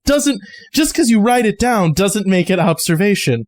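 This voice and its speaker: A man voicing a cold woman fighter who speaks calmly and cuttingly. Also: high-pitched, normal speed, no echo. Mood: icy calm. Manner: calm, cutting.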